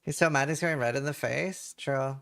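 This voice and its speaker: A man's voice: medium pitch, moderate pace, gravelly, a bit bright. A man from England chatting casually with viewers on a live stream, joking around.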